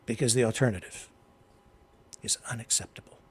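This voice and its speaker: A Canadian man hosting a political talk show, delivering impassioned commentary that swings from low, quiet remarks to loud, emphatic outbursts. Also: fairly quick, breathy edge. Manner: heated, addresses a co-host directly.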